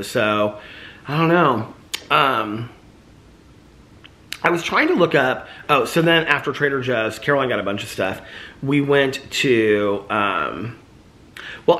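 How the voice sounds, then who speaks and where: An American man vlogs casually about his day, rambling and chatty with lots of fillers, speaking with a slight lisp and a sore mouth after losing a tooth. His voice is medium-pitched and a bit bright.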